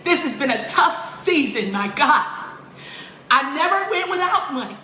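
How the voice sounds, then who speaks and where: A woman's voice: high-pitched, very animated, measured pace, bright, forceful tone, a little hiss or hum. A woman giving an emotional, tearful spoken appeal, pleading in a repetitive preaching cadence. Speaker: religious vlogger. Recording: roomy echo.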